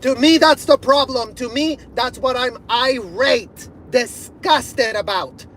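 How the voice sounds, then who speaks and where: A man ranting to camera in fury, swearing heavily, repeating his points and bursting into shouts. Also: very high voice, slow pace, slight background noise, low-quality recording. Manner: furious, profane, repeating himself, bursts of shouting. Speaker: video creator. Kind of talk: angry rant to camera.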